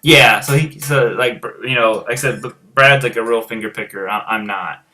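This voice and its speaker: A man's voice: mid-range voice, moderate pace, sharp tone. A man with a rural American accent, chatting casually as a guitar teacher and host, rambling with many fillers and restarts. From United States. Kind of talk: casual chat answering viewers.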